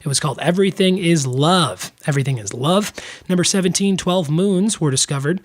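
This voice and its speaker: A man's voice: a little high, fairly quick. A young man hosting a solo trivia podcast in a casual, chatty way, cracking joking asides between the answers.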